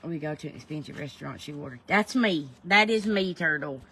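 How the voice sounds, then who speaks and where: A woman's voice: deep voice, lively intonation, fairly quick, fairly bright tone, breathy edge. A woman chatting casually on a livestream, answering viewers by name in a folksy way. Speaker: livestream host. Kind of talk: casual livestream chat, reading viewer comments.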